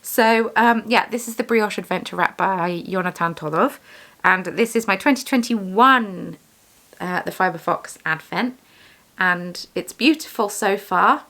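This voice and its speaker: Chatty woman with a gravelly edge. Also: mid-range voice, measured pace, fairly bright tone. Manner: rambling, self-deprecating, chatty. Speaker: vlogger, yarn dyer and shop owner. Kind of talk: casual chat while bead weaving.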